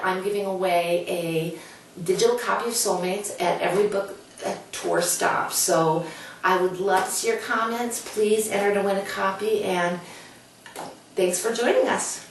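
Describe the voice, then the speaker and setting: A woman author with a mid-range voice tells a personal story earnestly and from the heart, chatting casually to the camera as a guest. She's heard from a distance in a very echoey room, with slight background noise.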